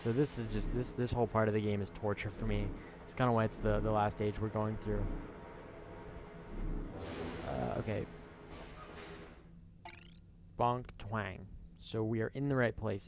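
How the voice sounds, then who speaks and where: Tired gravelly man narrating a game. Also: on the low side, level tone, normal speed, dull audio. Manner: laid-back, self-deprecating, thinks aloud. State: tired, late at night. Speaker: gaming streamer. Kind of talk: casual let's-play commentary.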